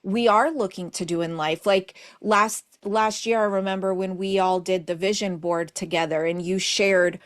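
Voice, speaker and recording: A woman's voice: mid-range voice, fairly even intonation, normal speed, few pauses. A woman hosting a podcast, talking casually about faith in a reflective, affirming way. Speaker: podcast host.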